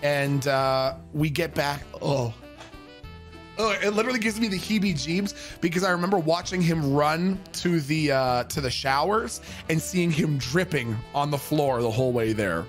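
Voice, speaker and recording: A man's voice: a little high, animated, normal speed, soft background music. A man telling a story in a casual, profane, rambling way, full of restarts.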